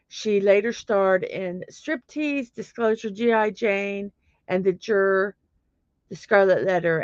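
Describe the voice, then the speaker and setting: A mid-range female voice hosts a laid-back morning stream, greeting people by name as they arrive and joking at her own expense. The recording has no echo and is dry, lo-fi, and slightly muffled.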